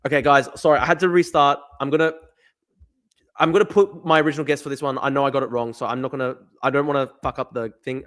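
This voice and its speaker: A man streaming a guessing game, thinking aloud, swearing and getting excited. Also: mid-range voice, quick pace. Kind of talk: live-stream commentary while playing a guessing game.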